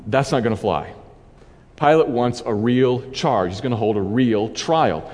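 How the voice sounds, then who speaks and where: Man, preacher, measured dramatic scripture reading, mid-pitched, long hall reverb. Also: lively intonation, a little mellow.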